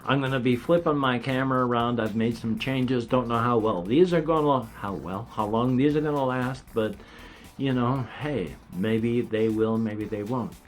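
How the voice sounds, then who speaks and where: A man's voice: medium pitch, moderate pace, soft background music. A man in his fifties talking in a rambling, casual vlog monologue, wry and meandering, with a slight whistle from dentures. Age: 50s. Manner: meandering, wry gallows humor, trailing off. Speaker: vlogger.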